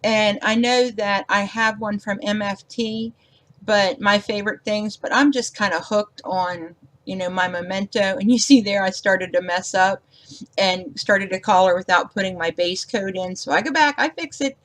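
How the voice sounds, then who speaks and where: A woman's voice: medium pitch, moderate pace, a bit bright. Folksy middle-aged woman, rambling craft voice-over. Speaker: card-making vlogger. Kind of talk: casual voice-over while coloring a card.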